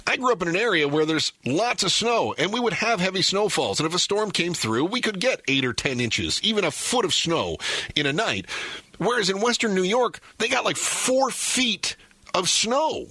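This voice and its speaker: A man's voice: high-pitched, big pitch swings, normal speed, sharp tone, husky, no room sound. A middle-aged man from northern Michigan, hosting and chatting casually, rambling with many fillers. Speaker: radio show host. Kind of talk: casual chat.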